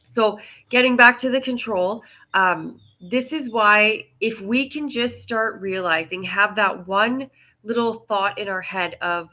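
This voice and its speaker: A woman's voice: medium pitch, unhurried, sharp tone. A woman hosting a solo coaching podcast, talking casually and candidly, joking about herself. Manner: chatty, candid, self-deprecating.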